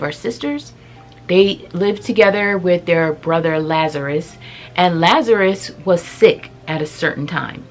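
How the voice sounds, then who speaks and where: A woman casually retelling Bible stories in a conversational way, with asides and fillers. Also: fairly low pitch. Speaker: Bible storyteller. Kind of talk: casual storytelling.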